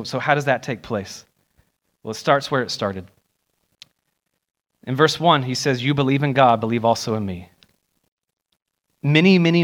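Animated young pastor preaching a sermon. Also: male voice. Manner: animated, acts out quoted voices with rising pitch. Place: church sanctuary.

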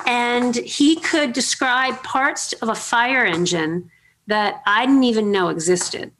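A middle-aged woman hosting an interview, telling chatty, animated anecdotes with many fillers. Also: a little high, slow, slight background noise. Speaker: podcast host. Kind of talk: casual storytelling interview.

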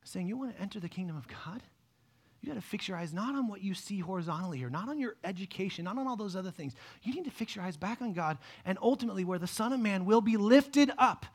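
A man preaching a sermon, animated, dropping to a hush and then rising loud as he acts out the people in the story. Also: high voice, fast talker. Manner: animated, swings from hushed to loud, acts out quoted voices. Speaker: pastor.

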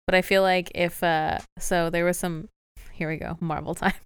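A chatty, giggly woman in relaxed conversation. Her voice is smooth yet carries a gravelly edge, sitting a little low for a woman. The sound is dry and close. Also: normal speed, dry recording. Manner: giggly, chatty, laughs often. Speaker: podcast co-host. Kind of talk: casual chat recapping a show.

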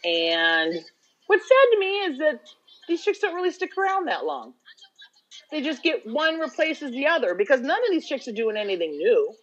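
A woman co-hosting a casual podcast chat, playful and quick to laugh, swinging between loud and quiet. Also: sits high, wildly swooping pitch. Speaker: podcast co-host. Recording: dull lo-fi sound.

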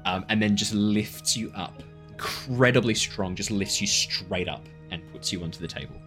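A man's voice: on the low side, moderate pace, fairly bright tone, soft background music. A man narrating as game master of a tabletop game, chatty, often saying 'like' and laughing.

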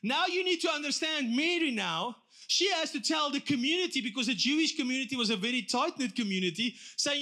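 A middle-aged man preaching a sermon, telling the story with lively asides and acted-out voices. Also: very high voice, a little fast. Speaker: pastor.

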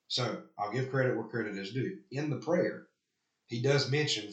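A man's voice: mid-range voice, normal speed, a bit bright, reverberant, rough recording. A man preaching a sermon, earnestly reading quoted lines aloud and then rebutting them. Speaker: pastor. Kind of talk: sermon critiquing an article.

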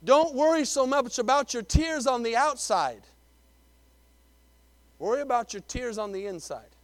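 High-pitched preacher. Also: male voice, lively intonation, a little slow, no echo. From Texas. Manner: emphatic preaching, repeats words, swings between loud and hushed. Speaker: pastor. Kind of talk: sermon.

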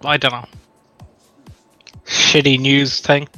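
A man's voice: mid-range voice, little pitch movement, slow pace, pushed and bright, soft background music. A man co-hosting a prank-call show, playful and cheeky in casual banter. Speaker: co-host.

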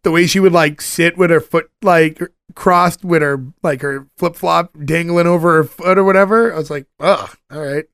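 Fairly high-voiced man recapping a sitcom. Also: moderate pace, few pauses, a bit bright, smooth, no echo, studio quality. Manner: retells scenes at length, acting out the lines. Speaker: podcast co-host recapping a sitcom. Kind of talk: casual chat.

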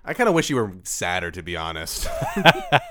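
A man in loose, joking podcast chat, his pitch swinging up and down freely. He laughs easily and talks in bursts. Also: moderate pace. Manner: animated, joking, laughs often. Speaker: podcast co-host. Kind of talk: casual chat.

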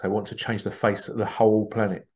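A man's voice: fairly low pitch, flat delivery, fast, a little mellow, dull audio. A man hosting a podcast, talking earnestly in a rambling, repetitive monologue. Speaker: podcast host. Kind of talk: casual monologue.

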